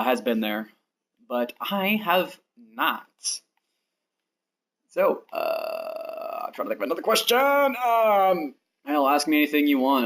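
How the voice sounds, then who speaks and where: With faint background music playing, a twenty-something man from the United States chats casually with his live game stream audience, rambling and addressing them directly. His voice is medium-pitched and fairly bright.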